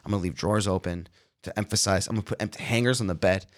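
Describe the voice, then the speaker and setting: A comedian guest in casual podcast chat, an animated storyteller who acts out the lines of the people in his stories. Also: low-pitched, racing.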